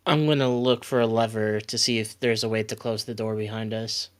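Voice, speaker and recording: A man playing a tabletop role-playing game, relaxed as he says what his character does. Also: on the low side, a little fast, clean tone. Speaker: player. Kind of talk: casual tabletop play.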